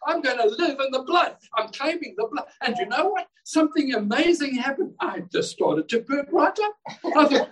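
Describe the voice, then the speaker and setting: A man's voice: very high-pitched, lively intonation, normal speed, fairly bright tone, far from the mic, a little hiss or hum, rough recording. A male pastor preaching a sermon in a church service, fervent and exclamatory, often repeating words as he builds a point.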